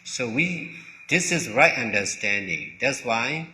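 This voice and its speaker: A man whose first language is Burmese, giving a slow dharma talk in short, halting phrases, often repeating words. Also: mid-range voice, sing-song, bright, forceful tone. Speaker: monk teacher. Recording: long hall reverb.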